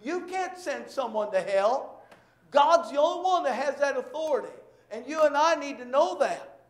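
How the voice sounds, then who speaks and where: A male pastor preaching with a very high-pitched voice, caught in a roomy, echoing church. He tells homey stories and breaks into shouted bursts. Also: moderate pace. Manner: animated storytelling with shouted bursts. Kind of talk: sermon.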